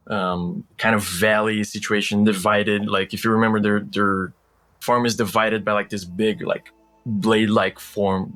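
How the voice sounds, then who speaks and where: A man's voice: on the low side, a bit bright. A man narrating as game master in a casual, rambling way with many fillers.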